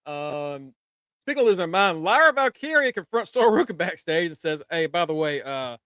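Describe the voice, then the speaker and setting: A man hosting a podcast, casually recapping wrestling with quick, laughing asides. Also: a little high, sing-song, fairly bright tone, clear, resonant tone, no room sound. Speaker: podcast host.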